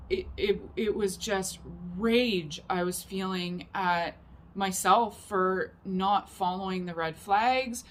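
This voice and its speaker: A woman's voice: on the low side, slight background noise. Rambling woman vlogger, emphatic. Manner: rambling and emphatic, heavy use of "like". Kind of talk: confessional storytelling to camera.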